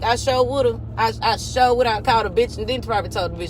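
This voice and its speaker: A woman's voice: on the high side, brisk, few pauses. A woman, telling a blunt, profane story in a parked car. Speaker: vlogger. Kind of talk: casual storytelling rant. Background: faint car noise.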